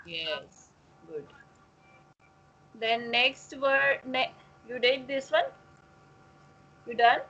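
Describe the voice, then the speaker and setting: A woman tutoring a Hindi lesson one-on-one, patiently repeating words slowly so they can be pronounced. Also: on the high side, lively intonation, bright, forceful tone, poor audio.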